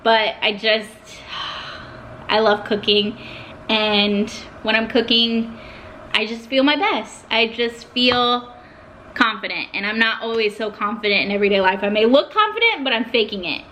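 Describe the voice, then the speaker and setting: A young woman talking casually and warmly to her viewers about her love of cooking, getting emotional at times. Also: on the high side, a little slow, a little hiss or hum. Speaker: vlogger. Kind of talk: casual talk to camera.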